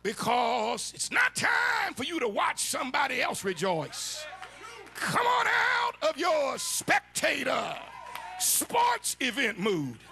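A man preaching a sermon, shouting and chanting his lines in a sung, call-and-response cadence. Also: very high voice, wildly swooping pitch, slow, vocal fry. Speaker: bishop preaching. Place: church sanctuary.

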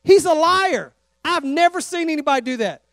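A middle-aged Texan evangelist preaching with a very high, ringing voice, firing questions at the congregation. The sound is dry and up close, with no echo from the church around him. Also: male voice, normal speed. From Texas. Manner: animated, calls out questions to the congregation. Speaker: traveling evangelist. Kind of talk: sermon. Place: church sanctuary.

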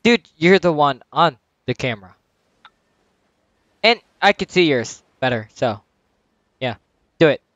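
A man's voice: on the high side, sing-song, unhurried, long pauses, a bit bright, dry recording, muffled recording. A young man chatting casually while playing a game with a friend, directing him and laughing often. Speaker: gamer.

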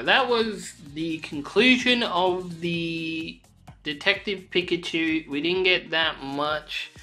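A woman opening trading card packs on camera in casual chat, swearing freely and breaking into sudden high squeals of excitement.

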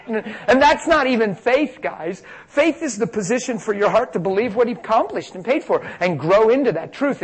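Excitable male preacher, middle-aged, fairly high voice, swings from quiet storytelling to loud peaks. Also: poor audio. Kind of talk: healing testimony sermon.

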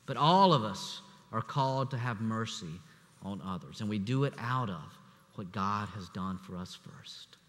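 A man preaching a sermon as assistant pastor, speaking conversationally with restarts and fillers, sometimes dropping to a hushed voice. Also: fairly low pitch, animated, unhurried. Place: church sanctuary. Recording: echoey church hall.

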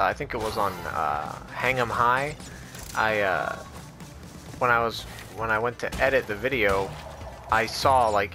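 A man's voice: lowish voice, bright, forceful tone. A man giving playful, rambling commentary while playing a video game, muttering to himself and making silly noises. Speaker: gaming YouTuber. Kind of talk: casual gameplay commentary. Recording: game music playing under voice.

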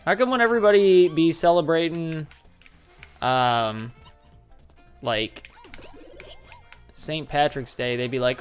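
A man's voice: on the high side, animated, unhurried, pauses often, clear, resonant tone, faint music behind. A man casually commenting on a video game while a little tipsy, rambling, joking and swearing freely. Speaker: gameplay streamer.

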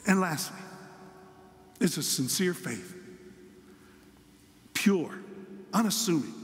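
Preaching in a church sanctuary, an older male pastor recounts a tale about his grandson and acts out the boy's voice in quotes. His voice is high-pitched, and the audio has a big-room sound.

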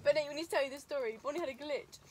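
A woman's voice: high voice, racing, a crowd in the background. A young woman in a casual chat, blunt and teasing. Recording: loud background noise.

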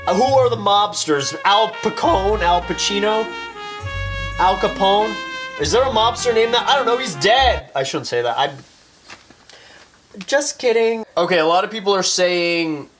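A young man in a casual vlog, talking in an excitable, animated way and swearing often. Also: sits high, moderate pace, over music. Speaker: YouTuber.

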